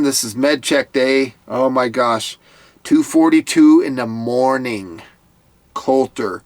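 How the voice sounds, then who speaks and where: A man's voice: lowish voice, no echo. A man giving a casual recap of a TV episode, in an earnest, heartfelt way that sometimes stumbles over repeated words. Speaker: TV show commentator.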